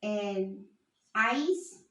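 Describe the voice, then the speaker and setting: A woman's voice: medium pitch, animated, bright, forceful tone, far from the mic. A woman teaching a beginner language lesson, explaining patiently step by step. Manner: slow, patient explaining with frequent "so" and "now". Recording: echoey room, voice set back from the mic.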